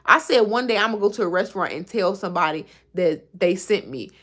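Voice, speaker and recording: A woman's voice: medium pitch, lively intonation, quick pace, fairly bright tone. A woman in her thirties hosting a casual livestream, chatting and reacting to viewer comments, often laughing. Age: 30s. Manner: laughs often while talking. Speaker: livestream host.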